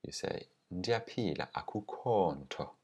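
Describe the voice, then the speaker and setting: Deep voiced guy teaching grammar, says each example phrase slow and careful. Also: lively intonation, a little mellow, slightly rough. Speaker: language teacher.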